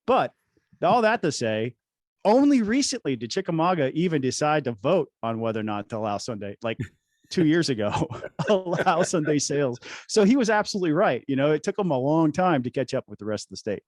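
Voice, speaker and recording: Animated man telling a story. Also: fairly high pitch, fairly quick, no room sound, clean studio sound. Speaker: podcast co-host. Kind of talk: casual political chat.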